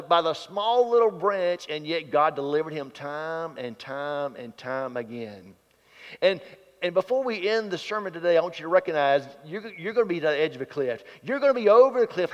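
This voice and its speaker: A man preaching a sermon in a church, reading scripture, praying and telling folksy stories with rising energy. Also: a little high. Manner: folksy storytelling preacher, grows louder and livelier. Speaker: pastor. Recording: muffled sound with long hall reverb.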